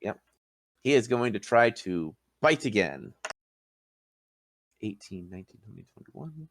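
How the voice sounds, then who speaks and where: A man running a tabletop game, narrating and calling rolls in a relaxed, plain manner. His voice sits low, and the sound is dry and close. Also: measured pace, no echo. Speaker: game master.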